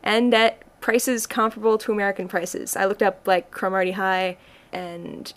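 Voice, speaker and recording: A woman co-hosts a relaxed podcast, needling her partner with a wry, teasing manner. She laughs often, and her voice sits at an average pitch. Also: moderate pace. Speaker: podcast co-host. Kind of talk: casual podcast chat.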